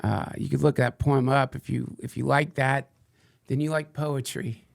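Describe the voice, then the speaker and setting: A man's voice: mid-range voice, steady tone, moderate pace, gravelly, no echo, studio quality. A man hosting a podcast in casual chat, loose and meandering with playful jokes. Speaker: podcast host.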